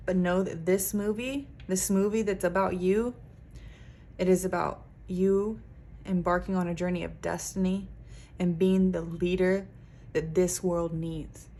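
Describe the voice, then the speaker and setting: A woman's voice: lowish voice, fairly even intonation, measured pace, warm tone. A woman giving a pick-a-card tarot reading as a psychic reader, talking earnestly and emphatically with frequent "like".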